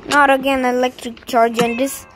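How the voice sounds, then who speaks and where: Playful high-voiced woman playing a game. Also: level tone, moderate pace. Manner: playful, talks to game characters. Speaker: gamer. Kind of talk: casual gameplay commentary. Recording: background noise.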